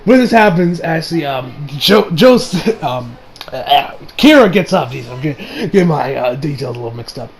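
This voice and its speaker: A man with a fairly high voice recaps an anime episode in a loose, chatty way. He stumbles over names, restarts often and laughs along as he goes. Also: animated, normal speed, vocal fry, soft background music, rough recording. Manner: rambling, with frequent restarts and laughter. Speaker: anime reviewer.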